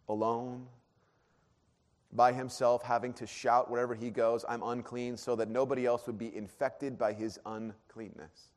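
A man preaching a sermon, earnest, dropping to a hush and then rising to emphatic peaks. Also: medium pitch. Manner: earnest, swings from hushed to emphatic. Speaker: pastor. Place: church auditorium. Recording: long hall reverb.

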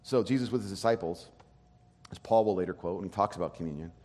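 A man preaching a sermon as pastor, animated, acting out quoted voices. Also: low voice, quick pace, big-room sound.

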